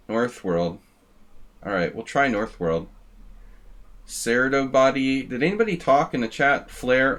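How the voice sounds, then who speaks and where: A man's voice: mid-range voice, a bit bright. Chatty male chess streamer, rambling. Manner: chatty, rambling, thanks viewers by name. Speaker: chess streamer hosting a simul. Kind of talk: casual live-stream chat.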